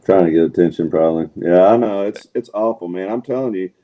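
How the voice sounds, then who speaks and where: A man co-hosting a casual talk show, with a voice lower than most and very dark and mellow. He agrees often with quick yeahs and shares his own story in an easy, chatty way. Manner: agreeable, frequent backchannel affirmations. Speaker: co-host. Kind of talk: casual chat.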